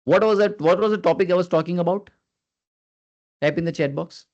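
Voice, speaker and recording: A man's voice: fairly quick, darkish tone. Earnest male trainer on a lo-fi call. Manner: earnest, coaxing, keeps prompting the audience; pitch swings up and down on purpose. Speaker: communication skills trainer. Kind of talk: live online training session. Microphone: video call. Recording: dull lo-fi video call audio.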